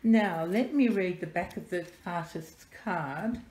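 A woman unboxing a parcel on camera as a doll collector vlogger, gushing and softly delighted, often dropping to breathy whispers. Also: lowish voice, slow. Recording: echoey room with faint noise.

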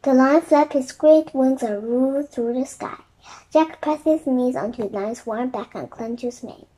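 A woman reading a children's chapter book aloud in soft, quiet narration. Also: high voice, measured pace, poor audio. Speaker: storybook reader.

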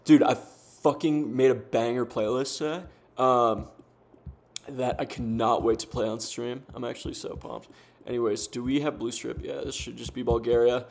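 A man's voice: mid-range voice, slight background noise. Casual young male gaming streamer. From United States. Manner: laid-back, swears often, talks in bursts with fillers and self-deprecating jokes. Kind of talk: casual gameplay commentary.

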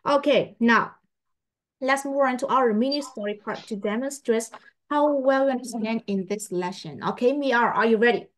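A woman English teacher, patiently testing a young pupil and repeating her questions slowly. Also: fairly high pitch. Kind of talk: online English test with a child.

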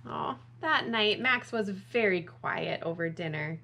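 A woman librarian reading a picture book aloud at storytime, slow and expressive, asking the children questions. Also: lowish voice, vocal fry, a little hiss or hum.

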